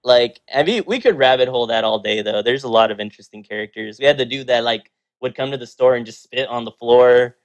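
A man, co-owner of a game store, telling a story in casual chat, animated and full of fillers, acting out what people said. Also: mid-range voice, brisk, hardly any pauses. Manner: animated storyteller, acts out quotes, many fillers.

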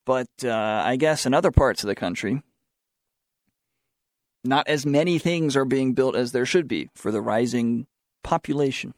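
Young opinionated talk host, dry studio. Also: male voice, mid-range voice, animated, moderate pace, pauses often, dry recording. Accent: Southern American. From southern United States. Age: young adult. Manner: sarcastic, opinionated, reads news aloud. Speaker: student talk show host. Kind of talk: opinionated talk radio monologue.

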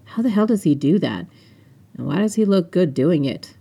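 A woman's voice: lowish voice, very animated, normal speed, gravelly, mellow, slightly rough. A woman reading her own first-person audiobook, unedited, with casual asides. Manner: casual narration with offhand asides. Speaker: author and audiobook narrator.

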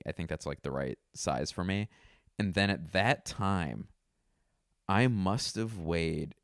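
Guy around 30 rambling at home, low but bouncy voice, keeps laughing at himself, lots of "like". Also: dry recording, studio quality. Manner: rambling, self-mocking, laughs often, lots of "like". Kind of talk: casual monologue. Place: indoors at home.

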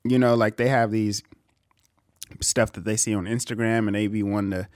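Laid back low-voiced guy on a podcast, dry mic, drifts off quiet at the ends. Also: level tone, moderate pace, no echo. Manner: easygoing, lots of "yeah" and "you know", trailing off quietly. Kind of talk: casual chat.

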